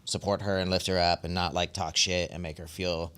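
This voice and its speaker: A man's voice: low voice, little pitch movement, fairly quick, fairly bright tone, clear, resonant tone. A man in his forties hosting a podcast, talking in a laid-back way, swearing freely and calling his friend man and bro. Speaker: podcast host. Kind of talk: casual chat.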